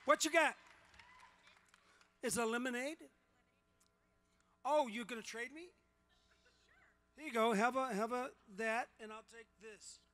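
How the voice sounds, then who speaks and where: Loud joking man at a convention panel. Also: very high-pitched, a little slow, pauses often, faint music behind. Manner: joking, teasing, often shouting and laughing. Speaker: celebrity convention panel guest. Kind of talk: loud playful banter with fans. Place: large convention hall.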